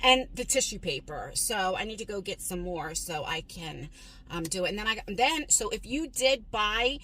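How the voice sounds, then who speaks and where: A woman's voice: medium pitch, animated, moderate pace, sharp tone, low-quality recording. A woman rambling casually as she runs errands, chatting and correcting herself as she goes. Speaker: vlogger. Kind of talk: casual chat. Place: in a car and out running errands.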